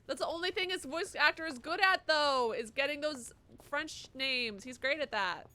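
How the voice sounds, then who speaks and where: A woman's voice: sits high, normal speed, bright, forceful tone. A young woman streaming a game live, chatting casually and cursing as she reads viewer messages aloud. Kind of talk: live gameplay commentary.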